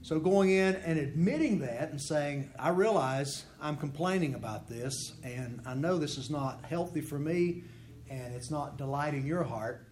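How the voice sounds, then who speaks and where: A man's voice: a little high, unhurried, darkish tone. A man leading a Bible study class, teaching in an earnest, conversational way and voicing prayers in the first person. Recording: echoey room with faint background noise.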